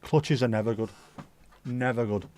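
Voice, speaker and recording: This livestream host, a middle-aged man from Liverpool with a Scouse accent, chats in a loose, rambling way and curses freely. He speaks at normal speed in a mid-range voice with a darkish tone.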